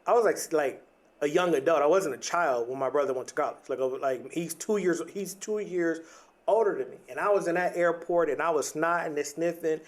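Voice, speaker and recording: A young adult man hosting a podcast, talking in an earnest, reflective motivational monologue, often restarting and leaning on "like" and "right?". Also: on the high side. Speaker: podcast host.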